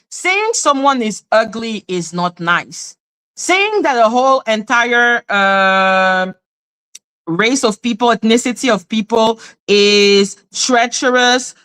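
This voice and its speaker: A woman's voice: fairly high pitch, slow pace, a bit bright. A woman hosting a live stream, ranting with indignation in blunt, profane talk and repeating her points over and over. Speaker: livestream host. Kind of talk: heated live commentary. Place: in Canada.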